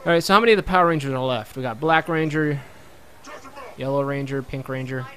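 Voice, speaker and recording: A man's voice: medium pitch, fast talker, bright, forceful tone, slight background noise. A young man giving goofy, joking commentary over a video game, talking back to the characters and laughing often. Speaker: gaming let's-player. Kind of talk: comedic gameplay commentary.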